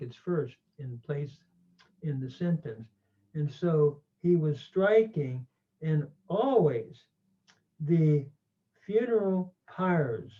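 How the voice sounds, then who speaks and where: A man teaching a grammar lesson slowly and deliberately, with frequent pauses and fillers. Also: a little high. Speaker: Greek teacher. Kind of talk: grammar lecture. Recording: tinny phone-like audio.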